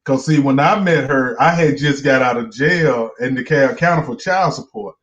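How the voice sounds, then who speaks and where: A man telling a profane, lively story in a casual interview, often repeating words as he restarts. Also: medium pitch, moderate pace. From Monroe, Georgia, US. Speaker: comedian guest. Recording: dull lo-fi recording.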